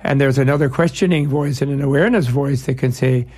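A man's voice: mid-range voice, fast talker, darkish tone, breathy edge. A man as an interview guest, explaining ideas in a discursive, digressive way with playful analogies. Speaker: guest, Buddhist scholar.

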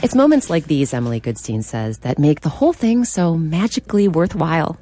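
Woman, radio reporter, scripted feature narration, very low pitch, animated melody. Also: brisk, a little hiss or hum.

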